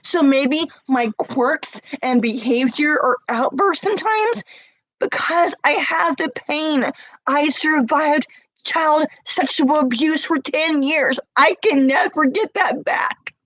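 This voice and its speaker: A woman's voice: high-pitched, slow pace, a bit bright, no echo, muffled recording. A woman crying as she talks to camera, confronting someone with repeated pointed questions in an emotional rant. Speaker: vlogger.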